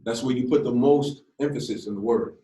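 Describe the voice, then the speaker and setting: A male teacher lectures in a classroom, talking in an easy, conversational way and often putting questions to his students. His voice sits at an ordinary middle pitch. The camera is far across the room, so the sound comes through distant and echoey. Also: a little fast, noisy background.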